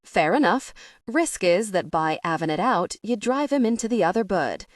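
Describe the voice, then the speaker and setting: A woman's voice: mid-range voice, animated, moderate pace, dry recording, clean studio sound, recorded from a distance, natural voice. A woman voicing a blunt, knowing middle-aged male cab driver with a South London accent. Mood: matter-of-fact. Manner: blunt, knowing, matter-of-fact.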